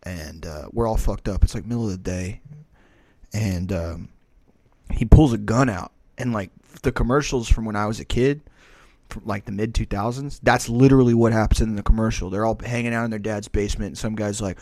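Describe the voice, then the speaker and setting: A man's voice: fairly low pitch, steady tone, fairly quick, a little mellow, no echo. A man co-hosting a podcast, telling a rambling, profanity-heavy story in casual chat. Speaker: podcast co-host.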